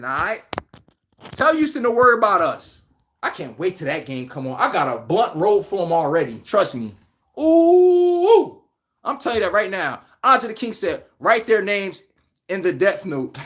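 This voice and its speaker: A man hosting a live basketball talk stream, animated and trash-talking, laughing often and answering viewers by name. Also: sits high. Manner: addresses chat viewers by name. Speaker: podcast host. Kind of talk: casual live sports talk.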